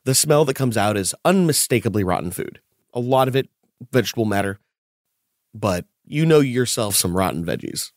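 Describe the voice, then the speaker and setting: A man narrating a tabletop game as game master, with a steady, descriptive delivery. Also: fairly low pitch, moderate pace, no echo, clean studio sound.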